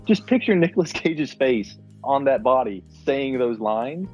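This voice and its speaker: A man co-hosting a casual movie podcast, animated and profane, laughing as he riffs. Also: medium pitch, a little slow, dull audio, faint music behind. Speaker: podcast co-host. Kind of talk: casual movie-review chat.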